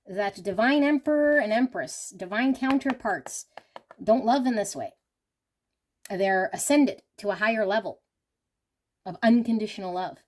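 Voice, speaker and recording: A woman's voice: medium pitch, unhurried, long pauses, a little mellow, a little hiss or hum. Earnest woman giving a spiritual tarot reading. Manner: earnest, repetitive, spiritual coaching tone with frequent "you know" and "okay?". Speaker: tarot reader. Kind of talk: intuitive tarot reading monologue.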